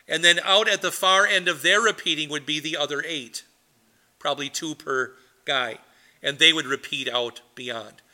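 Middle-aged pastor guy teaching bible study, sharp punchy voice, a bit high, rambles off into stories. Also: normal speed. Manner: animated, rambling storyteller.

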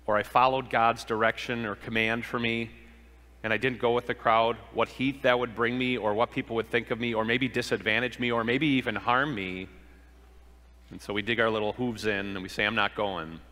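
A man's voice: medium pitch, pushed and bright, long reverb tail. A man preaching a sermon, earnest, asking rhetorical questions and acting out the quoted lines. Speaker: pastor.

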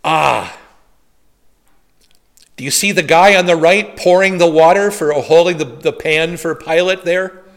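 A man's voice: a little high, measured pace, long pauses. A man, a pastor, leading a Bible study in a conversational way, telling stories with humorous asides and rhetorical questions.

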